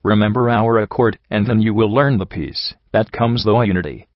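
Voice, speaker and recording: A man voicing a calm, measured female alicorn goddess who speaks for a hive mind, in an audiobook reading. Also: fairly low pitch, no echo, natural voice. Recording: dull dry recording.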